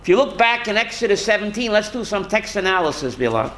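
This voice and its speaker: High-voiced rabbi quizzing his class. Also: quick pace. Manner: animated, quizzing students with rhetorical questions. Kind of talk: Torah class lecture. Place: classroom with students. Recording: roomy classroom echo.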